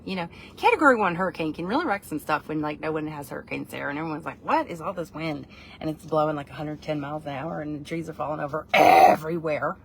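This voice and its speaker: A woman hosting a casual live video on her phone, talking in an excitable, rambling way. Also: sits low, gravelly, slight background noise. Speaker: live-stream host. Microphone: phone camera.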